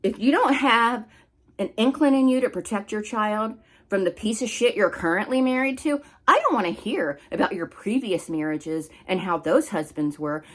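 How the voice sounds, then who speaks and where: A woman hosting a commentary channel, delivering an angry, scolding rant with blunt swearing. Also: mid-range voice.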